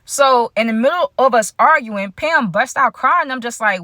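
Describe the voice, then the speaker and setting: A woman with a bright, forceful voice, pitched a little high, spinning a personal story for her viewers. She talks slangy and chatty, full of fillers, in a dry, close recording. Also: lively intonation, normal speed, no echo. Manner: chatty, addresses viewers directly. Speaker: storytime vlogger. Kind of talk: casual storytime vlog.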